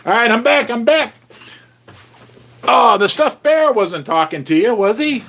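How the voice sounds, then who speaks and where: A male host in a loose, jokey livestream chat. His voice sits high for a man and swings widely in pitch, and he stays animated while he riffs on viewer comments. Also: normal speed, a little hiss or hum.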